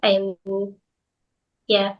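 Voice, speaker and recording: A woman's voice: medium pitch, completely flat delivery, very slow, lo-fi sound. A young Scottish woman with a light Glaswegian accent, an English teacher chatting casually as an interview guest with lots of hedges and fillers. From Scotland, Glasgow.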